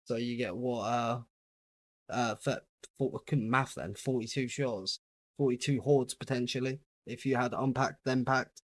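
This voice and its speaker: A young man from the United Kingdom livestreams a game, relaxed and easygoing as he greets viewers and answers their questions. His medium-pitched voice moves a little slowly, with no room sound.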